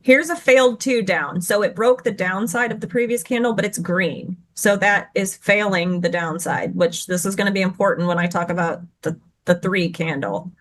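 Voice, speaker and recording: A woman teaching chart patterns as a guest. She explains in a hurry and stops now and then to correct herself. She speaks over a video call. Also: medium pitch. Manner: rushed, tumbling explanations with self-corrections. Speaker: guest trading educator.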